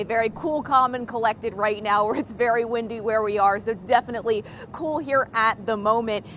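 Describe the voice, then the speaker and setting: Female field reporter, mid pitch, faint traffic rumble. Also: a bit bright. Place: outdoors near a ballpark.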